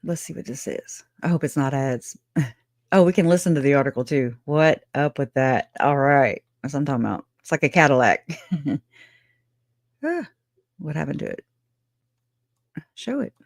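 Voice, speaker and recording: A woman's voice: rumbling low, normal speed, no room sound, clean studio sound. A woman hosting a true crime livestream, talking bluntly and emotionally, often breaking into laughter as she reacts. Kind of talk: casual livestream commentary.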